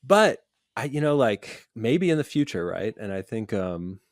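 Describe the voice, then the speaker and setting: A man's voice: on the low side, sing-song, measured pace, no echo, studio quality. A man talking as a psychiatrist guest in a casual podcast chat, loose and full of "like" fillers. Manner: loose, filler-heavy, lots of "like". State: busy parent.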